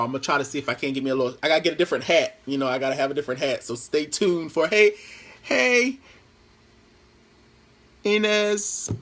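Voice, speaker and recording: A man's voice: mid-range voice, a little hiss or hum. A man talking into his phone on a live stream from home, chatty and rambling, mixing playful jokes with earnest pleas. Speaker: Facebook Live host. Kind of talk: casual live-stream monologue.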